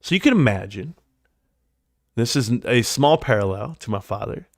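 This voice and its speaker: A man spins a long story on his livestream with a very lively pitch that leaps up whenever he acts out what someone said. He rambles and then drops into quiet low asides. The sound is close and dry, with no room echo. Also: normal speed. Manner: animated, jumps high in pitch when acting out quotes. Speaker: livestream host. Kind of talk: casual storytelling.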